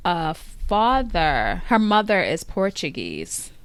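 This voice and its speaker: A woman co-hosting a podcast, chatting casually and gossiping with animated slang. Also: lowish voice, slow, clean tone, dry recording. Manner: animated gossip, Southern Black American slang. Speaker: podcast co-host. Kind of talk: casual chat.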